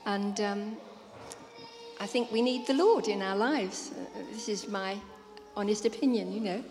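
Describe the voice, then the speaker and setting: A woman's voice: medium pitch, a little slow, darkish tone, soft background music. Earnest woman sharing her faith. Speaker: church member interviewed. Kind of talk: personal faith testimony. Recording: reverberant hall, faint crowd noise.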